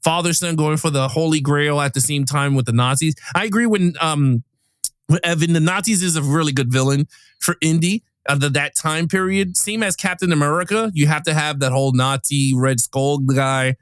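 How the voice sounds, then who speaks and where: A man with a high, light voice talks through a film in casual podcast chat. He gets animated, acting out scenes and laughing along. The sound is dry and close to the mic. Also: moderate pace, clean tone, no echo. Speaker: podcast co-host. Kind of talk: casual movie review chat.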